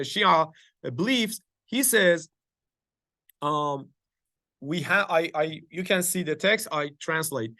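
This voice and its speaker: Bright-voiced man teaching in a dry room. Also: fairly high pitch, no room sound. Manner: explains step by step with many fillers and restarts, checks in with listeners. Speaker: teacher leading a study circle. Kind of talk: informal religious lesson. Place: home office.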